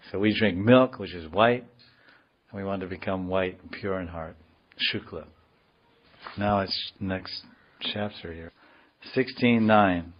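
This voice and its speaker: In a dull, lo-fi recording, a man with a low-sitting voice teaches a scripture class. This spiritual teacher explains words slowly, wandering off on tangents and cracking jokes.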